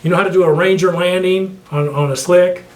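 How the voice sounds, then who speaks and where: A man's voice: high-pitched, fairly even intonation, a little fast, a little hiss or hum. An older man, a veteran interviewee, rambling through stories in an oral history interview and laughing often. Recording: echoey room with faint ambience.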